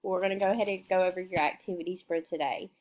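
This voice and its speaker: A woman teaching young children remotely, slowly sounding out words in a patient, sing-song way and answering her own questions. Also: on the low side, steady tone, darkish tone.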